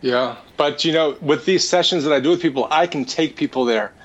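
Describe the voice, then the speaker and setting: A man with a fairly high voice tells his story in an earnest, animated way, restarting his sentences as he goes. The recording sounds dull and lo-fi. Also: a little fast. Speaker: energy healer guest. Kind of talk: casual storytelling.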